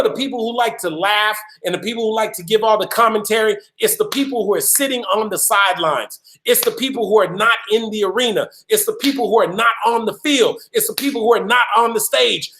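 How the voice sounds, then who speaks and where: An emphatic male motivational speaker with a high voice, hammering each point through repetition and calling out listeners by name. The sound is roomy and echoing. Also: fairly bright tone. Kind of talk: motivational talk on a live call.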